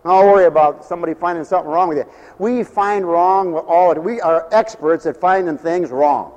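A man's voice: high-pitched, brisk, darkish tone, lo-fi sound. A middle-aged or older man preaching a folksy, joking sermon that rises into fervent hallelujahs. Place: church mission hall. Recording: echoey hall.

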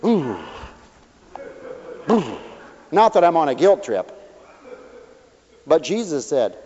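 A man preaching as a pastor, folksy and animated, acting out little voices as he talks. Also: on the high side, takes it slowly. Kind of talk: sermon. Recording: dull hall recording with long reverb.

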